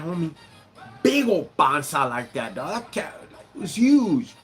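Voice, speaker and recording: This middle-aged livestream host from Southern California speaks with a Chicano English accent in a mid-range voice. He keeps things casual with slangy street talk, calling his viewers "dog" and "homie."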